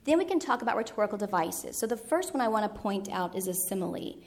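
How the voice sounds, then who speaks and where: A woman's voice: medium pitch, very animated, fast, a little mellow. A middle-aged woman teaching Latin poetry and history in a presentation, explaining patiently and sometimes correcting herself. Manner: explanatory, with occasional self-corrections. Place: presentation room with a screen.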